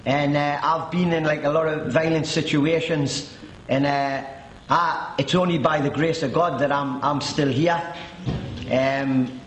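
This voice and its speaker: A man's voice: fairly high pitch, fairly even intonation, a little slow, slight background noise. Joking Geordie man, roomy echo. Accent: Geordie (Newcastle). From Newcastle, England. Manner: chatty, joking, with many restarts. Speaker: guest giving a testimony. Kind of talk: personal testimony.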